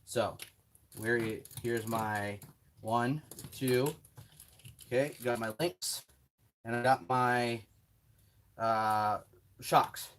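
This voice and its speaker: A man of middle pitch walks viewers through a build at his workbench, loose and chatty, muttering as he hunts for parts and joking about his own mistakes. A faint hiss of background noise and small clicks of tools sit behind his voice. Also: steady tone, extremely slow, pauses often, fairly bright tone. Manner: chatty, talks himself through tasks, self-deprecating asides. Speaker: RC hobby tutorial host. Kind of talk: casual hands-on build tutorial.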